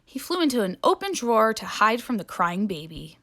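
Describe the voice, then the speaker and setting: Expressive woman reading a picture book. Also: fairly high pitch, a little fast. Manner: expressive, playful narration. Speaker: storybook reader. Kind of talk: children's picture book read-aloud.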